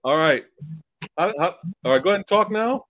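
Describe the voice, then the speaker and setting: A man in his forties chats casually with his stream audience, laughing often between remarks. His voice sits a little high and swings widely in pitch. He talks into a headphone mic at home. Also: expressive, a little fast, fairly bright tone. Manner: laughs often, chatty with chat. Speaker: host. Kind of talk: casual livestream chat. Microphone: headphones or earbuds mic.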